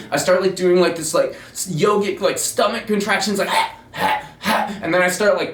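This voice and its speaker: A man's voice: on the high side, a bit bright, roomy sound, distant mic. A man hosting his own show, telling a long personal story in a rambling, profane, self-mocking way. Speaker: podcast host telling a story. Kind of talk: casual storytelling monologue.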